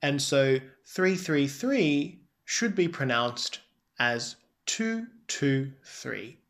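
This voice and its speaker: A woman talks through a language lesson at a very slow, measured pace. Her pitch moves in wide swoops as she stresses each tone. Every word is enunciated with deliberate care. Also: expressive. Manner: deliberate, careful enunciation with exaggerated tones. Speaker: Chinese language teacher.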